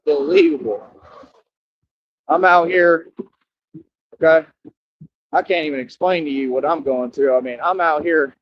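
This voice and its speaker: A man giving a rambling, boastful livestream monologue outdoors near a highway, scolding his viewers and repeating himself. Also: measured pace, pauses often, muffled recording. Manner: talks straight to his viewers, scolding them.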